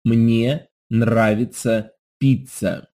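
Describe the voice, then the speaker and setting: This is a man speaking extremely slowly as a pronunciation model. He says each short phrase carefully and clearly so that learners can repeat it. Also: mid-range voice, level tone, mellow. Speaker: native-speaker model for repetition.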